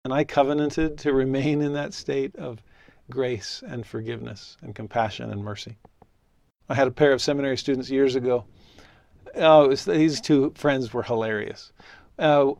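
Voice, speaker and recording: A middle-aged preacher and religious teacher gives a sermon in an earnest, conversational, storytelling style, his voice often sinking softly as phrases end. It sits on the high side and is recorded close and dry, with no room sound.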